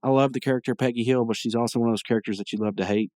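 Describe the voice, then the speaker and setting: A man's voice: mid-range voice, fairly even intonation, very fast, darkish tone, dry recording, clean studio sound. A man hosting a podcast, recapping a cartoon episode in casual, rambling talk full of fillers and opinionated asides. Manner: rambling and digressive, many fillers. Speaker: podcast host.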